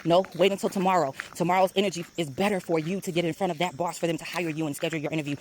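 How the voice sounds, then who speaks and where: Woman, spiritual coach, casual and lively talk, quick laughs, faint noise behind her. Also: lowish voice. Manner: lively storytelling, laughs often, slangy asides.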